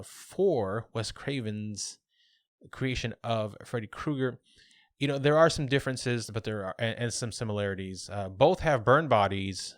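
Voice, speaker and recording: A man co-hosting a podcast, casually telling a local legend with relaxed fillers and restarts. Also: medium pitch, dry recording, studio quality. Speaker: podcast co-host.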